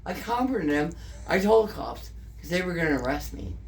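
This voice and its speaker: A woman's voice: on the low side, lively intonation, normal speed, vocal fry. A woman with a Canadian accent, telling an emotional story in a casual interview, swearing often and repeating herself. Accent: Canadian English.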